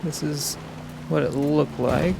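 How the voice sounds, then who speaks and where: A man, the host of a gaming channel, giving relaxed gameplay commentary and thinking aloud as he plays. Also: fairly high pitch, slow pace, vocal fry, background noise. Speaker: gaming YouTuber.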